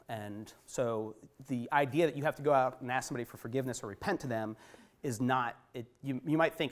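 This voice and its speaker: A man who works as a street preacher, telling stories in a conversational interview, swinging from low and quiet to high and loud. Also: quick pace. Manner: conversational, many fillers and restarts. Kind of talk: storytelling in an interview.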